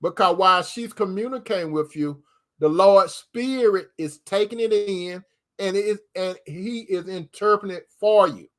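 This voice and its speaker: A man hosting an advice talk in a preacherly way, calling listeners brother and stretching key words slowly. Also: high voice, a bit bright. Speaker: host giving relationship advice. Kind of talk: preacherly advice talk reading viewer comments.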